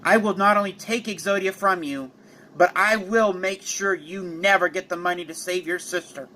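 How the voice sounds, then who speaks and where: A man voicing a cold, proud young male rival duelist in a fan storybook telling, speaking low and clipped. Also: normal speed, bright, forceful tone, a little hiss or hum. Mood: threatening.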